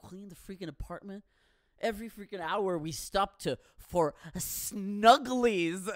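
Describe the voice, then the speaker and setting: A man in a profane comic rant, animated and swearing, with bursts of shouting. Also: high voice, moderate pace, no room sound, clean studio sound.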